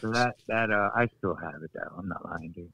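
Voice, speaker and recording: Animated man telling wrestling stories. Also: brisk, slightly rough, dry recording, poor audio. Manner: animated, acts out quotes with raised pitch. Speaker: podcast guest, former wrestler. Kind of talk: casual storytelling.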